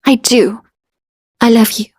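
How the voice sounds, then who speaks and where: A woman's voice: on the high side, fairly even intonation, measured pace, darkish tone, breathy edge, no echo, studio quality, voice pushed up. A woman voicing a young heartbroken princess who pleads tenderly in a storybook reading. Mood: pleading.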